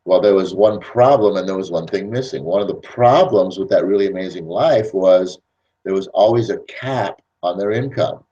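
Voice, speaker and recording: A man hosting a network marketing podcast, talking in an animated, persuasive casual monologue. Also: low voice, moderate pace, highs cut off. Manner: animated, persuasive, acts out scenes.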